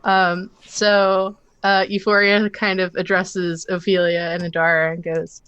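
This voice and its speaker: A woman's voice: on the low side, flat delivery, measured pace, hardly any pauses, fairly bright tone, smooth, no room sound, lo-fi sound. Chatty woman player, very dry sound. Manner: laughing, chatty, many fillers. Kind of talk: casual tabletop play.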